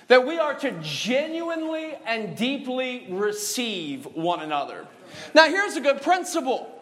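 High-pitched guy preaching in church, jokes around, asks the church to answer back. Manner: call-and-response preaching, drawn-out emphasis; jokey, laughing asides. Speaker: pastor. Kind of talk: sermon. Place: church sanctuary.

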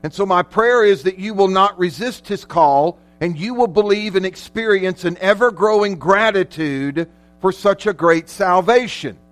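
A man delivers a sermon from the pulpit in a fairly high voice. He preaches emphatically, stretching out important words and rising in volume. A faint mains hum sits under the recording. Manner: emphatic preaching with dramatic slowdowns and loud peaks. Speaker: pastor.

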